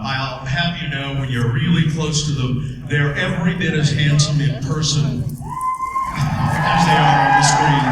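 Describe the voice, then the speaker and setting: A man moderating a convention panel, rambling and halting with many restarts. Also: a little high, far from the mic. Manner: rambling, full of hesitations. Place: large convention hall. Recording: echoey hall from afar, loud noise.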